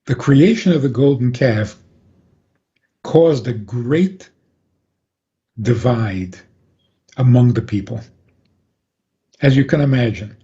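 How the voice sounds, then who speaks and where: Slow, mellow-voiced rabbi on radio. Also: male voice, mid-range voice. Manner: calm, explanatory, chuckles often. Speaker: rabbi guest. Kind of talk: radio interview, Torah teaching. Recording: dull lo-fi radio audio.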